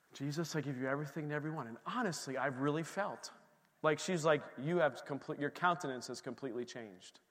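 A man's voice: a little high, a bit bright, in a large hall. A middle-aged man, a pastor, preaching a sermon and telling a story, acting out his own reactions.

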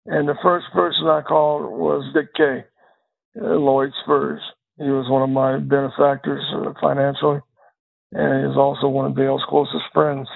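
A man's voice: medium pitch, little pitch movement, moderate pace, gravelly, slightly rough. An older man, a former district attorney, telling a long story in an interview, often repeating words as he goes. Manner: reflective storyteller who repeats words and restarts phrases. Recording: tinny phone-line sound.

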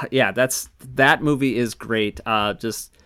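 A man appears as a guest on a casual podcast, talking horror movies. He is animated and laughs easily. He jumps into acting out scenes as he goes. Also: medium pitch, takes it slowly, clean tone, no echo, studio quality. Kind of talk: casual chat about horror films.

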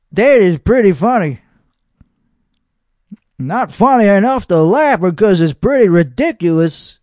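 A man's voice: high voice, darkish tone, dry recording, clean studio sound. A man hosting a solo podcast, giving sarcastic, grumbling, rambling commentary as he reacts to online videos.

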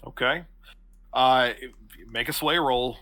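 A man's voice: mid-range voice, takes it slowly, pushed and bright. A man running a tabletop horror game as game master, describing characters in a rambling way with many fillers.

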